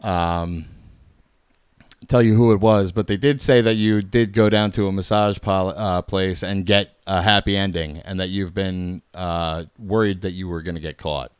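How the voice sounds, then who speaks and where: A man's voice: sits low, steady tone, moderate pace, smooth, no room sound, studio quality. A man hosting a prank phone call, ranting aggressively and swearing at the person on the line. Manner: aggressive, profane, confrontational ranting.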